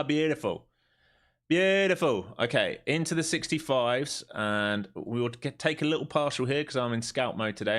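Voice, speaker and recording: Male trader-streamer with a lowish voice and a chatty running commentary that goes from quiet muttering to sudden excitement. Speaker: live-streaming day trader. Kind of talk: live trading commentary to viewers.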